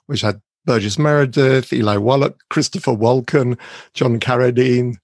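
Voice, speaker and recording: A man interviews his guest with polite, careful questions, at an ordinary middle pitch. His voice sounds dry and close, with no room around it. He asks in a measured, slightly tentative way. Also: fairly even intonation, darkish tone, dry recording. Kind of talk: conversational interview.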